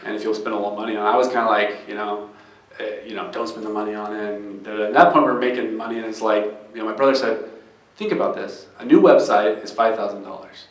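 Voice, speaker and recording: A man's voice: on the low side, steady tone, fast. A man who founded a startup speaks earnestly to a live event audience. He tells a story with many restarts. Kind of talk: live fireside chat. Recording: echoey room.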